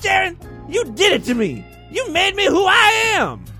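A man voicing a crude, furious burned-up man who yells and snarls insults. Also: extremely high pitch, huge pitch swings, normal speed, soft background music, pitched above the performer's own voice, heavily acted. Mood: enraged.

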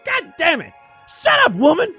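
A man voicing a crude, furious burned-up man who yells and snarls insults. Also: very high voice, huge pitch swings, normal speed, faint music behind, voice pushed up, full character voice. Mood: enraged.

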